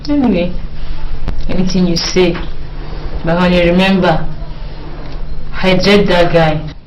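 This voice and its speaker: A woman's voice: on the low side, steady tone, a little slow, lo-fi sound, slight background noise, close to an everyday voice. An actress playing a young woman who placates and pleads with her jealous lover. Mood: uneasy. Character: young woman, scheming man's nervous girlfriend. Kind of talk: Nollywood film acting.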